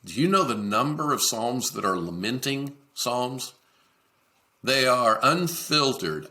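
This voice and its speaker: A man's voice: medium pitch, expressive, slow, sharp tone. A man hosting a leadership podcast, talking straight to the listener in an earnest, encouraging way, with plenty of ums and restarts. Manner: many fillers and restarts. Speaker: podcast host.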